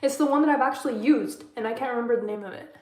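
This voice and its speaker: A woman's voice: fairly high pitch, very fast, darkish tone. A young adult woman hosting a casual live stream, chatting with viewers, answering their comments and laughing often. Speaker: livestream host. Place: room at home, bedtime routine. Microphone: phone livestream. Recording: echoey room.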